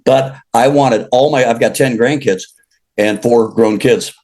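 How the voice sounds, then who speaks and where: A man's voice: medium pitch, measured pace, darkish tone. Older joking storyteller man. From Illinois, USA. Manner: rambling, jokey, laughs at his own stories. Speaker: interview guest, country recording artist. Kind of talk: casual storytelling chat.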